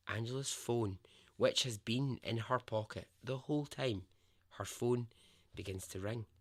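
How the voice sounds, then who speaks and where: A man hosting a podcast, telling a true story in a conversational, emphatic way and swearing freely. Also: mid-range voice. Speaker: podcast host.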